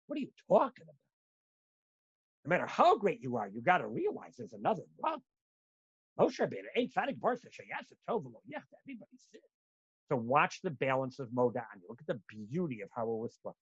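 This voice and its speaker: Animated husky-voiced male Torah teacher. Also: on the high side, brisk, no room sound. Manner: dramatic, acts out inner voices, bursts into shouting. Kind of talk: animated religious lesson. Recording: dull lo-fi dry recording.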